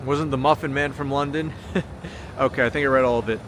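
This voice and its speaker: A man's voice: mid-range voice, fairly even intonation, a little fast. An American man livestreaming from a city street at night, chatting casually and reading viewer comments aloud. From United States. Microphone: small handheld camera mic. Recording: outdoor street noise. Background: city street traffic noise.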